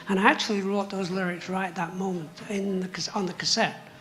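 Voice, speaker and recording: An older man with a high voice, telling stories as a musician guest on a live stage, humming and singing song parts as he goes. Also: fairly even intonation, brisk, few pauses, a bit bright. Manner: hums and sings song parts while telling stories, chuckling. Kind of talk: live on-stage interview storytelling.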